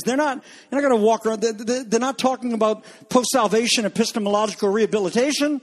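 A man's voice: extremely high pitch, fast talker, few pauses. A man preaching a sermon to a congregation, talking in a conversational, joking way with asides to the listeners. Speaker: pastor.

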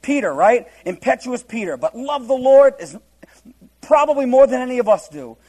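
A man's voice: very high-pitched, very animated, normal speed, darkish tone, slightly rough, rough recording. A man preaching a humorous verse-by-verse Bible teaching, laughing often and acting out the scenes in different voices.

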